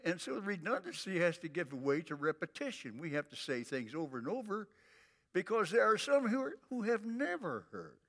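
An older man preaching a sermon in a folksy, emphatic way, drawing out repeated phrases slowly. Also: high-pitched, very animated, a bit bright, in a large hall. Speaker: pastor.

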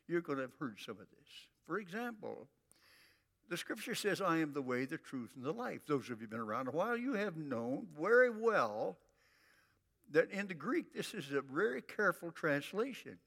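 An older man preaching a sermon in a folksy, emphatic way, drawing out repeated phrases slowly. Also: fairly high pitch, vocal fry, fairly bright tone, long reverb tail. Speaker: pastor.

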